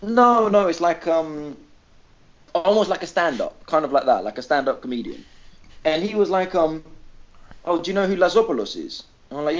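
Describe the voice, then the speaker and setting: Animated storytelling man, lively voice. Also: a little high, moderate pace, highs cut off. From Greece. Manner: animated, swears freely, acts out quoted people. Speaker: podcast regular. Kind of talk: casual storytelling.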